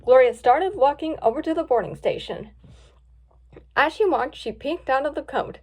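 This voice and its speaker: Brief: woman, storybook narrator, high-pitched and very animated. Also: normal speed. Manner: lively, expressive reading. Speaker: story reader. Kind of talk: storybook read-aloud.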